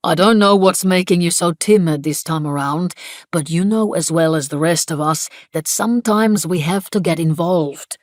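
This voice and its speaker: A woman reading the lines of a calm, steady man on a wildlife team in an audiobook. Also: fairly low pitch, normal speed, no room sound, studio quality, close to an everyday voice. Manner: calm, reasoning.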